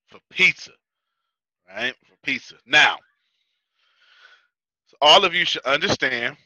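A man's voice: on the high side, slow pace, bright, forceful tone, no room sound. A man teaching a business class in a chatty, casual way, laughing often and repeating himself. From United States. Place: Houston.

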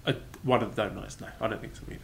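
A man's voice: on the low side, steady tone, gravelly, slight background noise. Dry-witted man reading listener questions. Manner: dry, measured, teasing. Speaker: podcast co-host.

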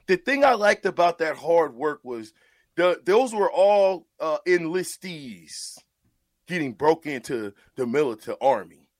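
Lively, easygoing sports talk man. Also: high-pitched, no echo, studio quality. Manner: laughing, easygoing, teasing.

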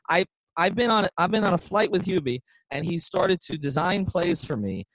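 A man co-hosting a sports podcast, telling rambling, animated stories with lots of restarts and asides. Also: fairly high pitch, no room sound, low-quality recording. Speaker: podcast co-host. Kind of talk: casual sports chat.

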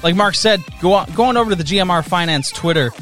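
A man's voice: sits high, fast talker, a bit bright, soft background music. A man hosting a podcast, giving upbeat promotional announcements. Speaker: podcast host.

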